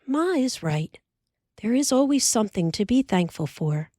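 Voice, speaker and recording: This is an earnest young girl from a storybook, high-voiced and anxious. Her worried questions come out pleading, with a woman reading her in a dry, close recording. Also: sing-song, normal speed, dark tone, no room sound. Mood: thoughtful.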